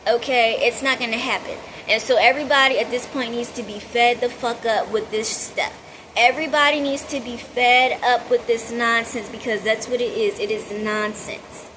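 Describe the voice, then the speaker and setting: A woman's voice: a little high, fairly even intonation, moderate pace. Fired-up profane woman vlogger, noisy recording. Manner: profane, emphatic, repetitive. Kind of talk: heated monologue to viewers.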